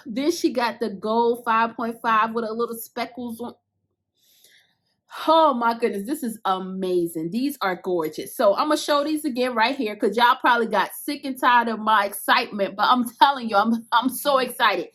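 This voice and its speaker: A woman chatting casually to her viewers while unboxing crochet hooks, gushing and excitable, speaking straight to the audience in loose everyday slang. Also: on the high side, moderate pace. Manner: casual Southern-style slang like "y'all" and "I'ma".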